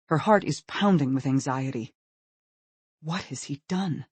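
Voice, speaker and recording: Male audiobook narrator, expressive and husky, dry close recording. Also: on the high side, measured pace, pauses often, no room sound.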